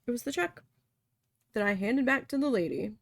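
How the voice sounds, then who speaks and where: Candid, gravelly-voiced woman telling a story. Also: a little high, animated, moderate pace, no room sound. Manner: candid, profane, rambling with self-corrections. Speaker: art vlogger recalling a retail cashier job. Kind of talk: casual storytelling while painting.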